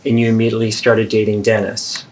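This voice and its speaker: A man's voice: lowish voice, monotone, a little mellow. Earnest man in a therapy role-play. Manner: earnest, pleading, measured. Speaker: therapist and video host.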